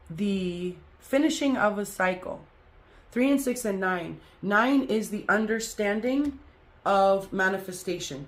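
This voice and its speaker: A woman's voice: mid-range voice, fairly bright tone. Effusive woman hosting a spiritual talk. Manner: effusive, repetitive chant-like emphasis. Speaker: spiritual group host. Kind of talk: spiritual talk with card reading.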